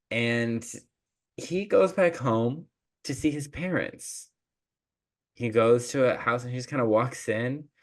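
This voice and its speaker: A man's voice: on the low side, a bit bright. A man hosting a podcast, recapping a film in casual chat with jokes and laughter. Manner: chatty, joking, quick to laugh. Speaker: podcast host.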